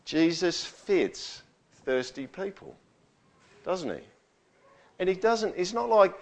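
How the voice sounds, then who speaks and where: Pastor preaching, soft to booming. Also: male voice, expressive, moderate pace, vocal fry. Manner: preaches with big swings, booming quotes then dropping to near-whispers; asks the congregation for agreement. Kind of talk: sermon. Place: church hall with live sound. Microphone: stage microphone through a sound system.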